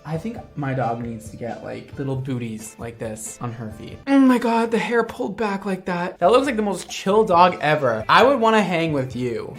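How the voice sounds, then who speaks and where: A young woman gushing through a casual reaction commentary, excitable and full of fillers, swearing casually. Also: sits low. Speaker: reaction video creator.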